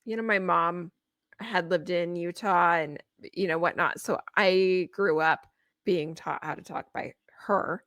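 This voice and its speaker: A woman's voice: fairly low pitch, steady tone, a little slow, a bit bright, no room sound, clean studio sound. A woman from Maine, a guest in a casual podcast chat, talking in a laid-back way and laughing easily. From Maine, USA.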